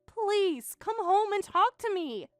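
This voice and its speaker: A woman's voice: extremely high pitch, sing-song, slow, no room sound, faint music behind, heavily acted. Mia, a woman playing a bratty teen daughter. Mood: frantic. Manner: snippy, whiny, swings to frantic. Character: bratty, defensive teenage daughter. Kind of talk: dramatized text-story reading.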